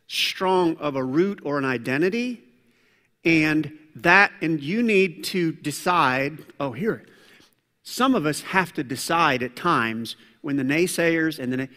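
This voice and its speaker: A man preaching a sermon as pastor, animated, swinging between loud preaching and quiet asides. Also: a little high. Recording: long hall reverb.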